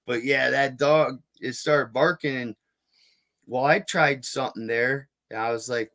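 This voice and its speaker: A man's voice: mid-range voice, steady tone, unhurried, vocal fry, fairly bright tone. A man telling a story as a guest in a casual interview, rambling with frequent restarts and fillers. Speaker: guest, Bigfoot field researcher.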